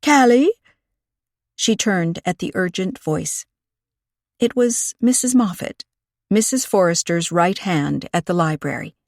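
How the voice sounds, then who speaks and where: A woman's voice: fairly low pitch, unhurried, creaky, darkish tone, dry recording, clean studio sound. Woman narrating a cozy mystery audiobook. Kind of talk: scripted narration.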